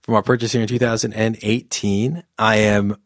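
A man's voice: on the low side, flat delivery, moderate pace, no echo, studio quality. A man co-hosting a podcast, chatting casually and rambling with frequent laughs. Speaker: podcast co-host.

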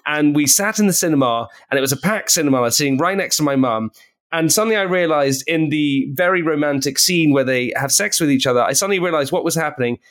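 An excitable man in his thirties from England chats as a podcast guest. His voice sits a little high, and his stories jump around animatedly, punctuated by bursts of laughter. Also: quick pace. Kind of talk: casual chat.

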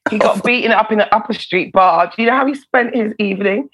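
A woman, a former prison officer and comedian, telling stories in a casual interview, animated and swearing freely. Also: medium pitch, fast, rough recording. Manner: animated, swears freely, laughs between lines. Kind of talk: casual storytelling in a podcast interview.

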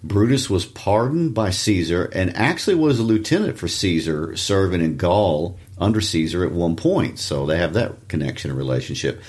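Man, very deep voice, co-host, casual lesson, joking asides. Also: animated, darkish tone. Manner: joking asides, quick background summaries.

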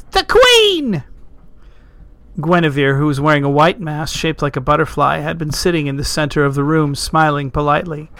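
A man narrating a storybook in a measured, lightly wry way. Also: fairly high pitch, fairly bright tone, smooth, no echo. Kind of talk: storybook reading.

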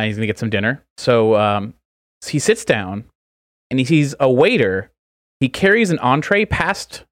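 A man's voice: medium pitch, no echo, clean studio sound. Rambling male podcast co-host. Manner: rambling, filler-heavy storytelling. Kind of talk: casual podcast chat, telling a long joke.

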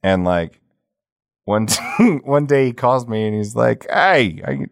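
This podcast co-host speaks on the low side with vocal fry and a clean tone, swearing freely and laughing through his stories in casual chat. He mimics the people he talks about with quick impressions, in a studio-quality recording with no echo.

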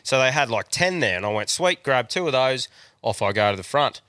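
A young Australian man co-hosting a podcast launches into a crude, sweary rant during casual chat, swearing freely as he tells his story. His medium-pitched voice is expressive, fairly quick and sharp yet clean, captured as a dry recording with clean studio sound.

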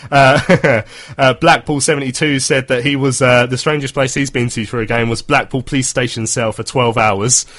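A man's voice: mid-range voice, steady tone, normal speed, few pauses, fairly bright tone. A man in his thirties hosting a casual football chat, chatty and laughing often as he reads out listener messages. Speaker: football podcast host.

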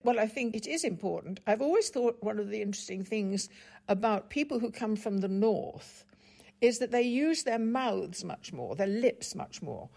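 Gravelly older woman, articulate and measured. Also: mid-range voice, lively intonation, dark tone. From England, Stockport. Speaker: guest, broadcaster. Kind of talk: reflective interview conversation.

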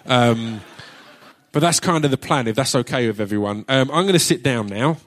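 Man with an Essex accent, casual stage chat, jokey and loose, drops the odd swear, keeps restarting sentences, mid-pitched voice, live audience Q&A. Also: moderate pace. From Essex, England. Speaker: performer hosting an audience Q&A. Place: theatre stage at a live book launch.

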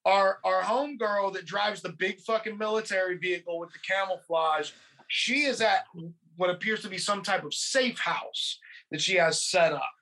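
A podcast host retelling a movie scene by scene in a casual, swearing, animated way. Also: medium pitch, normal speed. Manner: profane, animated storytelling.

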